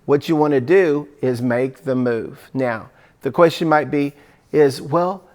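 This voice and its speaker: A man's voice: mid-range voice, measured pace, darkish tone. A man giving a conversational coaching talk to job seekers, acting out sample phone calls as he goes.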